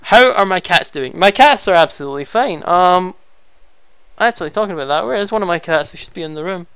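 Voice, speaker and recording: A man's voice: high-pitched, expressive, fairly quick, a bit bright, clean tone. A young man answering viewer questions in a casual, rambling way, chatty and easily flustered, talking into a headset at home. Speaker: YouTube Let's Player. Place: home room.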